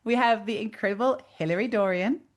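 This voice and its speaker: A woman's voice: medium pitch, brisk. A woman hosts a casual podcast conversation, full of enthusiasm as she greets and introduces her guests. She talks in an easy, friendly way. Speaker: podcast host. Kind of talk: casual interview chat.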